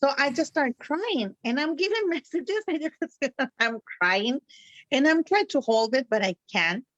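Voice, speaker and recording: A woman's voice: high-pitched, expressive, moderate pace, dry recording. A woman whose first language is Spanish, a guest spiritual reader who talks with feeling and laughs often. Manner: emotional, laughs often, non-native phrasing. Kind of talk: conversational interview. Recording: dry, muffled call audio.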